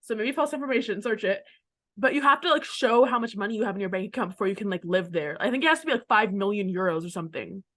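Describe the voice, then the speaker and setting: A woman's voice: mid-range voice, lively intonation, quick pace, fairly bright tone. A young woman from Canada co-hosting a podcast in casual, rambling chat, leaning hard on "like". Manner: rambling, chatty, heavy use of "like". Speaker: podcast co-host.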